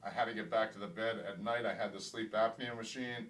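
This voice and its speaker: Middle-aged guy telling his story in a hospital room, trips over his words a lot, gets loud and excited, mic kinda far off. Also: fairly low pitch, fairly quick, reverberant. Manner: emphatic, stumbling repetitions, grows excited and loud. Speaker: weight-loss surgery patient. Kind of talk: candid testimonial interview. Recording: distant mic with faint background hiss.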